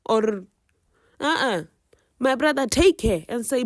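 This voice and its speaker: A woman's voice: a little high, lively intonation, slow pace, long pauses, darkish tone, no echo, clean studio sound. A woman with a South African accent chatting casually through a home cooking vlog, teasing viewers with playful life advice. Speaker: cooking vlogger.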